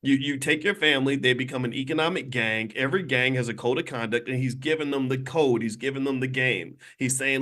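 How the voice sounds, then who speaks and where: Fast and forceful, this man barely pauses, his medium-pitched voice bright. As a financial commentator running his own channel, he hosts a phone livestream from a hotel room, preaching emphatically right at his audience.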